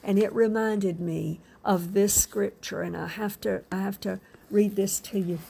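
A woman preaching a sermon with fervent emphasis, drawn-out phrases and soft asides. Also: mid-range voice, steady tone, vocal fry, a little hiss or hum.

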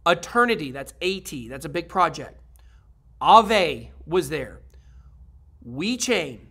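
A man's voice: on the high side, sharp tone. A man hosting a crypto video, talking casually to viewers in a rambling, upbeat way with many fillers and restarts.

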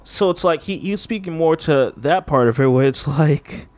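A man's voice: on the high side, normal speed, a little mellow, no echo. A man co-hosting a podcast, chatting casually and rambling, with lots of filler words and frequent laughs. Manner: rambling, heavy use of "like", laughs often. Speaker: podcast co-host. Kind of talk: casual chat.

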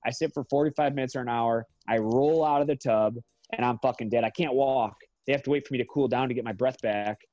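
A man's voice: mid-range voice, quick pace, darkish tone, dry recording, dull audio. Profane, rambling man telling a fight story. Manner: profane, rambling, corrects himself often. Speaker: guest, MMA fighter. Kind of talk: casual podcast storytelling.

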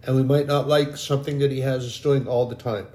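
A man giving an emotional, halting sermon testimony as a lay preacher. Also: medium pitch, fairly even intonation, a little mellow, roomy sound. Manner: slow, halting, grows emotional and choked.

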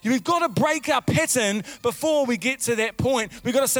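Man, pastor, animated sermon, shouted outbursts, high voice, dry sound. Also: moderate pace, hardly any pauses, no echo.

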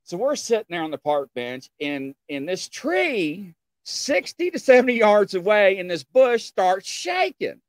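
A man tells a story in a casual chat with a voice on the higher side, and his pitch swings widely as he acts out what each person said. He keeps checking in with his listeners with a quick "okay?". The sound is dry and close. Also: big pitch swings, no room sound.

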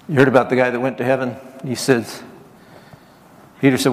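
A man's voice: medium pitch, fairly even intonation, fast, pauses often, big-room sound. A man preaching a sermon as pastor, calling on the congregation to repeat lines and acting out quotes in his talk. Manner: preaching with call-and-response and acted quotes.

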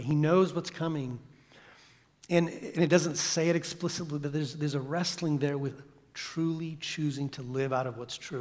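A guest preacher, a man, delivers his sermon with a slightly high voice. He swings between loud, emphatic lines and hushed, whispered repetitions. A long reverb from the church hall trails every phrase. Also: steady tone, moderate pace. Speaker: guest pastor.

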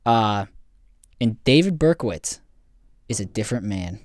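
A man's voice: on the low side, expressive, measured pace, a little mellow, dry recording, clean studio sound. A man co-hosting a podcast, casually recapping a documentary in a rambling way, swearing and laughing often. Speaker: podcast co-host.

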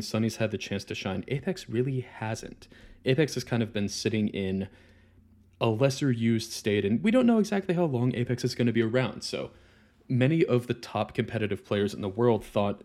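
A man giving recorded commentary on a card game in a measured, analytical, mock-dramatic way. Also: medium pitch, darkish tone. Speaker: podcast contributor.

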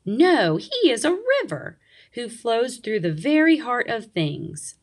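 A woman's voice: a little high, big pitch swings, slow pace, voice pushed up, full character voice. A woman voicing a thundering waterfall in a storybook reading, speaking emphatically. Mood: insistent.

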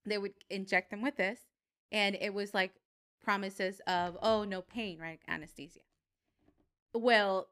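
A woman's voice: mid-range voice, fairly bright tone, clear, resonant tone. Giggly chatty woman podcast co-host. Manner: giggly, chatty, explains things loosely. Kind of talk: casual chat.

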